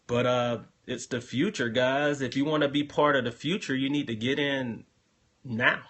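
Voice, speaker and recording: A man's voice: mid-range voice, fairly even intonation, normal speed, fairly bright tone. A man hosting a live question-and-answer stream on his phone, explaining trading to viewers in a loose, casual way and often repeating himself.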